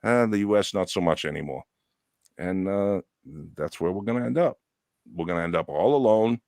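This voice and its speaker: A middle-aged man with a New England accent, co-hosting a casual podcast chat, rambling, profane and quick to laugh. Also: lowish voice, a little mellow, no echo, studio quality. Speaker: podcast co-host.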